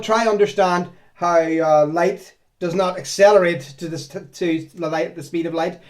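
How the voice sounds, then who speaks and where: Guy, high-ish voice, sarcastic rambly vlog chat. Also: darkish tone. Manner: chatty, sarcastic and rambling, with frequent laughs. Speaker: ex-Jehovah's Witness vlogger. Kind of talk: casual commentary on reader comments.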